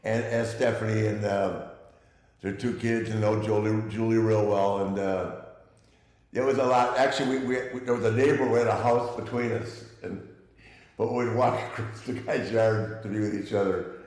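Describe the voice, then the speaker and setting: A man's voice: fairly low pitch, fairly even intonation, moderate pace, darkish tone. An older man telling stories as an interview guest, chuckling and rambling as he restarts his sentences. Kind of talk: casual interview storytelling. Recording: echoey room.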